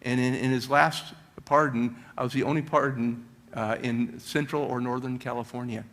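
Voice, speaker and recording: A middle-aged man giving a motivational talk at a church, telling stories with high energy. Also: fairly even intonation, moderate pace, fairly bright tone. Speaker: guest speaker.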